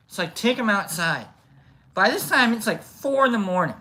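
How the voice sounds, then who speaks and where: Male stream host, bright and slightly high voice, loose rambling anecdotes. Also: moderate pace. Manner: animated, rambling with restarts. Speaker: livestream host. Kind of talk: casual storytelling to chat.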